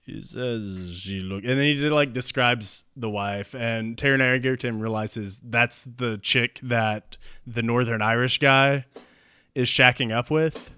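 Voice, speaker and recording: A man chatting loosely as he spins out a story, laughing often and dropping into quick voices for each character. His voice is smooth and resonant, and the sound is dry and close. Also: medium pitch, steady tone, sharp tone, no echo. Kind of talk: casual chat pitching a movie plot.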